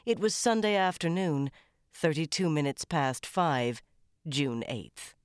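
A woman narrating a crime novel audiobook in the first person with a measured, even-paced reading. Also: low voice, clean tone, dry recording, clean studio sound.

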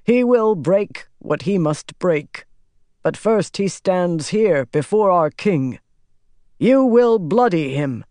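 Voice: mid-range voice, expressive, slow pace, darkish tone, no room sound, studio quality, pitched above the performer's own voice. A narrator voicing a solemn prophecy-reciting man.

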